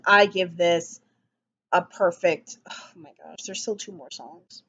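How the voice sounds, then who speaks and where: A woman's voice: fairly low pitch, slow, fairly bright tone, breathy edge, highs cut off. A woman giving a casual spoken album review, enthusiastic and rambling, with frequent ums and restarts.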